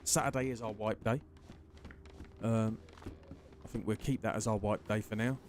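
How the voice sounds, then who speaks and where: A man's voice: on the low side, steady tone, normal speed, a little mellow, slight background noise. A man streaming a survival game, chatting casually with viewers, greeting them by name and swearing freely. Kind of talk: casual live-stream chat while gaming.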